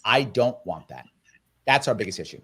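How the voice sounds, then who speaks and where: A man's voice: on the low side, expressive, normal speed, pushed and bright, slightly rough. A man speaking as a guest in an interview, making his points in an emphatic, persuasive way. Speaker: political guest. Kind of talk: interview conversation.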